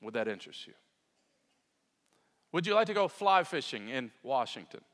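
A man's voice: mid-range voice, sing-song, normal speed, a bit bright, long reverb tail. A man preaching a sermon in an earnest, emphatic way, often turning to talk straight to his congregation. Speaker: pastor.

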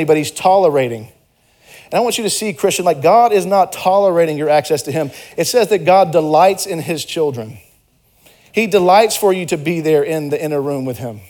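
This young pastor's voice sits fairly high with a darkish tone as he preaches in a church sanctuary. Earnest and conversational, he moves between personal stories and emphatic exhortations.

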